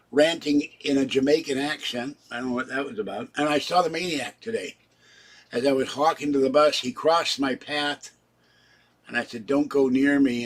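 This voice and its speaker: Husky-voiced man in his seventies, rambling. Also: mid-range voice. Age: 70s. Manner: rambling, wandering from topic to topic; chatty, talks straight to viewers. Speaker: channel host. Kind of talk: casual live-stream chat.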